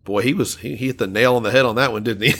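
A man co-hosts a relaxed podcast chat, reading listener comments aloud and laughing along. His voice is bright and forceful, at an everyday middle pitch. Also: fast talker. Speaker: podcast co-host.

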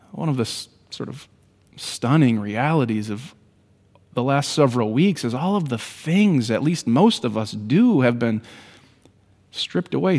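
A man's voice: on the high side, big-room sound. A man preaching a sermon as a pastor, earnest and building to emphatic exhortation.

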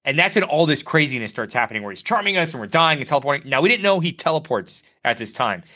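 Podcast co-host, male, bright and punchy, tells stories animatedly. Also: fairly high pitch, fast. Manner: animated storyteller, acts out quotes. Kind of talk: casual gaming podcast chat.

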